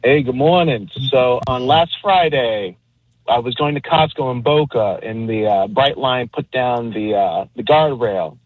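A man calling in to a radio show to tell an animated story. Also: mid-range voice, a little slow, no room sound. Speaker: caller. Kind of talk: telling a story on a call-in show. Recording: tinny phone line.

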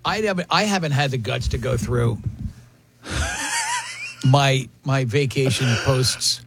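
A man hosting a radio show in casual, chatty banter, quick to laugh. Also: mid-range voice, gravelly, fairly bright tone, slight background noise. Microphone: studio microphone.

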